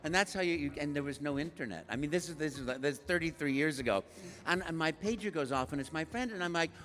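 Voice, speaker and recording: A man's voice: fairly high pitch, lively intonation, brisk, fairly bright tone. A man, a voice actor as guest, telling stories at a live stage Q&A, breaking into playful voices and sound effects. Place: large event hall on a live stage. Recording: reverberant hall with music behind.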